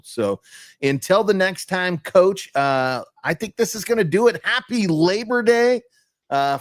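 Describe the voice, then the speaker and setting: A man's voice: mid-range voice, no room sound, clean studio sound. A man co-hosting a casual podcast, upbeat and rambling, often tagging his lines with "right?" and "you know". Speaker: co-host.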